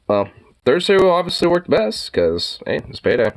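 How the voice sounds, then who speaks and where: A young man with a slightly high voice talks through a clip he is watching. He swears freely, sounds incredulous and often breaks into laughter. His asides are loose and offhand. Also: sing-song, normal speed. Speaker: reaction streamer. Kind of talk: casual video reaction commentary.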